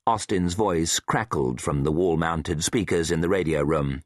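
A man narrating a thriller audiobook in a measured, dramatic way. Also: extremely low pitch, dry recording, studio quality. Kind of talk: scripted narration.

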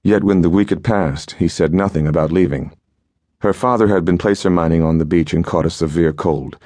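A man narrating an adventure story in a measured, steady audiobook reading. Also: low voice, dry recording. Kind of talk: scripted narration.

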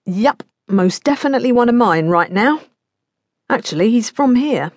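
A woman narrator voicing a practical middle-aged mother and detective who talks brisk and matter-of-fact. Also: on the high side, animated, no echo, studio quality, pitched above the performer's own voice.

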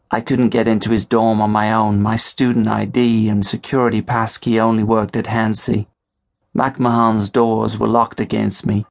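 A man narrates an audiobook in the first person, moving through the story at a measured pace. His voice is low, with a gravelly fry running through it.

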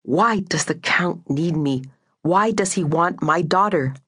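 A woman's voice: sits low, measured pace, no echo, clean studio sound. A woman voicing an educated, proud captive woman who speaks in a clipped, restrained way. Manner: clipped, corrective, restrained anger.

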